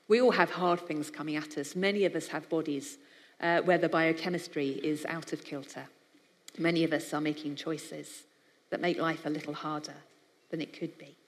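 A woman's voice: deep voice, fairly even intonation, moderate pace. A woman from the United Kingdom preaches to an audience, keeping it conversational and personal. Her voice carries the long reverb of a big hall. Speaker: speaker for a biblical counselling charity. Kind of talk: sermon-style talk to a live audience.

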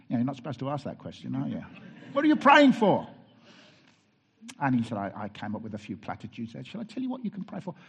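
A man's voice: medium pitch, sing-song, racing, gravelly, a little mellow, slightly rough, highs cut off. A man, a pastor preaching a sermon and telling personal stories in an earnest way, with wry asides and frequent restarts.

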